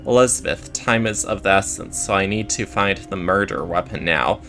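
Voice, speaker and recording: A man doing a calm decisive cat detective, low gravelly voice. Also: moderate pace, soft background music.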